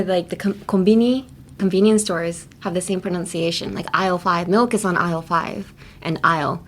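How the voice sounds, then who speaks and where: A young adult woman hosting a casual English lesson podcast, chatty and laughing often as she slowly models phrases. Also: lowish voice, steady tone. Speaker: English teacher host.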